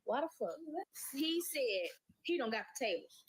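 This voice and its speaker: A woman's voice: a little high, big pitch swings, normal speed, breathy edge, poor audio. A teenage girl telling a story in an exasperated, slang-filled casual rant, swearing often. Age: late teens.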